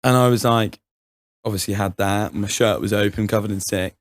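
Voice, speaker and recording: A young man rambles through an anecdote, stacking fillers and restarts and laughing often. His voice sits fairly low, and the sound is dry and close. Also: fairly even intonation, moderate pace, dry recording. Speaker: podcast co-host. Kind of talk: casual chat, storytelling.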